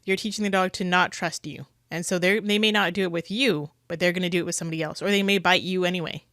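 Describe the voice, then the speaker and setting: A woman speaks in casual, earnest commentary, pushing back on what she hears with a critical edge. Her voice sits a little low, and the recording is dry and close with no room sound. She often stops mid-phrase and starts over. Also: fairly even intonation, quick pace, a bit bright, dry recording. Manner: earnest, critical, frequent restarts. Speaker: commentator reacting to dog-training clips.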